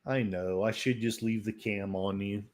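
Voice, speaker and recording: A man's voice: lowish voice, fairly even intonation, moderate pace, a little mellow. A man hosting a casual livestream, rambling and self-deprecating as he reads the chat and talks to his pets. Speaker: livestream host. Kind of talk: casual live-stream chat.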